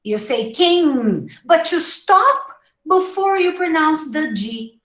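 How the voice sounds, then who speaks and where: A woman teaching English pronunciation in a live online class, slowly modeling each word and repeating it. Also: high-pitched, big pitch swings, a bit bright, roomy sound, poor audio. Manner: slow, drawn-out modeling of words with repetition.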